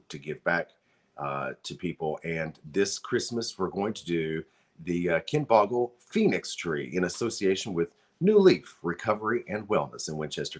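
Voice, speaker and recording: A man hosting a livestream, making an earnest, pleading charity appeal while fighting back tears. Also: deep voice. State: close to crying. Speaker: livestream host.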